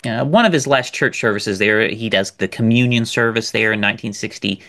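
A man co-hosting a podcast, talking in an animated, emphatic way and repeating words as he builds a point. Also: lowish voice, a little fast. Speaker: podcast co-host. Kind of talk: casual podcast discussion.

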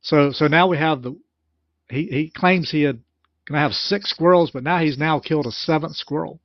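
A man's voice: a little high, moderate pace, dry recording. Man retelling a story, dull dry sound. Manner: retells a story in plain spoken terms, with restarts. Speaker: commentator on a recorded sermon. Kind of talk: explanatory commentary.

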